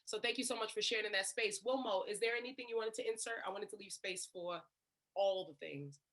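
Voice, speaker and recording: A woman's voice: mid-range voice, quick pace, fairly bright tone. A woman moderating a casual panel, upbeat and affirming, with slangy asides.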